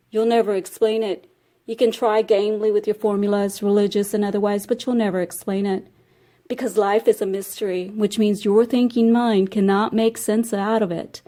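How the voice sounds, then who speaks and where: A woman reading a spiritual text aloud, telling a fable in a measured storytelling manner. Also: mid-range voice, warm tone. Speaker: reader.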